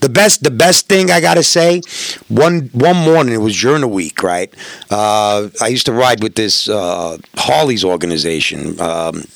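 A man's voice: lowish voice, normal speed, creaky, no room sound. A middle-aged man, telling profane road stories in casual podcast chat and acting out the dialogue. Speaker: podcast guest.

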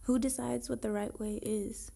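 A chatty woman with a raised pitch and a gravelly, fry-laden edge. She talks in loose, casual chat and keeps asking questions. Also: fairly even intonation, moderate pace, crowd noise.

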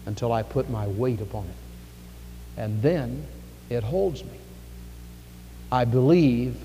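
A man preaching a sermon in a church, emphatic, with dramatic pauses and big swings in volume. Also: medium pitch, darkish tone. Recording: echoey hall with faint music.

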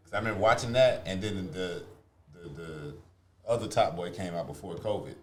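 A man co-hosting a casual podcast chat with friends, joking loudly and laughing often. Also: sits low, moderate pace, slight background noise. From Atlanta. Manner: loud, laughing, animated banter. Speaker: podcast co-host.

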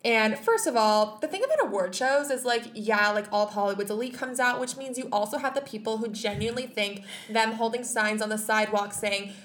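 A woman's voice: a little high, fairly quick, hardly any pauses, a bit bright. A young woman co-hosting a casual podcast chat, telling stories with sarcasm and frequent swearing. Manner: sarcastic, profane storytelling. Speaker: co-host, entertainment reporter.

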